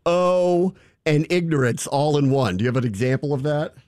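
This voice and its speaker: A man's voice: on the high side, normal speed, a little mellow, dry recording, clean studio sound. A man from Baltimore hosting a sports radio show, laughing often and stumbling over his opening words as he asks questions. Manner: laughs a lot, upbeat, stumbling starts. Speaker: radio sports talk host. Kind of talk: casual radio interview. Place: radio studio. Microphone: studio microphone.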